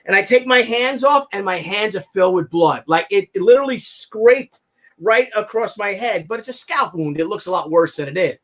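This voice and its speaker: A man with a high voice hosts a casual chat show. He tells stories in a slangy, excitable way and acts out every person he mentions. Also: a little fast. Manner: animated, acts out the people in his stories. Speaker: show host.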